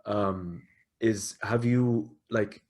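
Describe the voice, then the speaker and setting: A podcast host from Lebanon, asking questions in a halting way, restarting and searching for words. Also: male voice, lowish voice, fairly even intonation, a little mellow. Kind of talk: casual interview questions.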